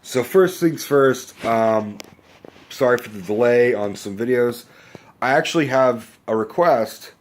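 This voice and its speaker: A man's voice: mid-range voice, measured pace. A man hosting a casual movie review rant, rambling and swearing, with a cough and a sore throat, recorded on a handheld phone. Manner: rambling, swears freely, self-correcting. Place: indoors under a bright lamp. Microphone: handheld phone camera.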